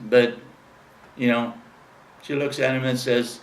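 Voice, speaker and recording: In an echoey room with a distant mic, an interview guest tells a long, filler-laden, rambling story and imitates the people in it. He speaks a little slowly, with medium pitch, little pitch movement and a fairly bright tone.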